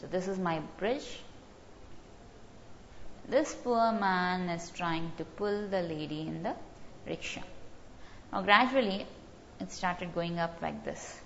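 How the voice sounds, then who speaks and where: A woman's voice: fairly low pitch, slow pace, long pauses, a little hiss or hum. Woman teaching vocabulary. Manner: repeats key words, explains through stories. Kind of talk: online class lecture. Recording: slightly dull lo-fi audio.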